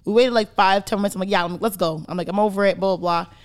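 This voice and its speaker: A young woman co-hosts a podcast, telling stories in casual chat with a medium-pitched voice and a fast pace. Her storytelling is animated, packed with "like"s and free swearing.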